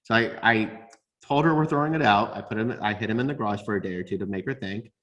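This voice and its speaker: A man co-hosting a casual podcast as a father, telling stories excitably, repeating words and bursting into laughter. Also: fairly low pitch, fast, dull audio. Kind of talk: casual chat.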